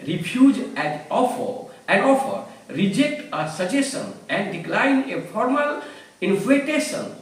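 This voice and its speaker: A man teaching English vocabulary at a slow, deliberate pace, his high voice rising and falling widely. He explains each word with careful examples. He sits far from the mic in a strongly echoing room.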